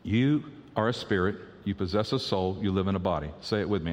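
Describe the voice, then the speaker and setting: A man's voice: sits low, fairly quick, darkish tone, long reverb tail. A male pastor preaching a conversational sermon, often repeating words as he restarts his sentences.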